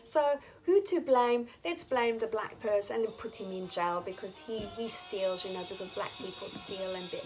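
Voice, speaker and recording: A woman's voice: mid-range voice, moderate pace, few pauses, music in the background, low-quality recording. A woman vlogger telling personal stories to her viewers in a casual, earnest and emphatic way. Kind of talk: casual storytelling to camera.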